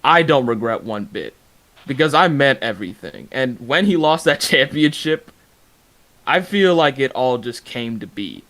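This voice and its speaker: A man's voice: mid-range voice, expressive, measured pace, a bit bright. A man giving a boastful, confident trash-talk promo at a wrestling league press conference, growing heated and defensive when challenged.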